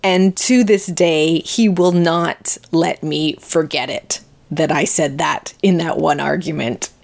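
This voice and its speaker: A woman hosts a podcast in a relaxed, unhurried chat. Her voice sits a little low, and she talks candidly and with self-mockery, swearing freely and laughing at her own embarrassment. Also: vocal fry. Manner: profane, chatty storytelling. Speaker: podcast host. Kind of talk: casual monologue intro.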